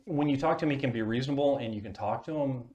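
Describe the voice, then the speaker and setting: A man's voice: medium pitch, very fast, darkish tone, dull audio. Stammering, profane male podcast host. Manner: stammering, profane, laughs often. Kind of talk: casual chat.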